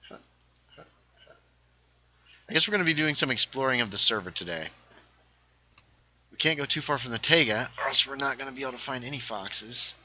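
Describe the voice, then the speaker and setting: A man hosting a casual gaming livestream, chatting while he plays, reading viewer comments aloud and sometimes dropping into hushed asides. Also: mid-range voice, a little fast, long pauses, slight background noise, rough recording. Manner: lively, reads chat aloud, drops into hushed asides.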